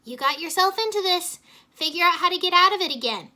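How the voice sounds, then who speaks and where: A woman voicing an excitable, curious young woman ninja who speaks eagerly. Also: very high-pitched, fairly quick, pitched above the performer's own voice, full character voice. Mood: excited. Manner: eager, exclamatory.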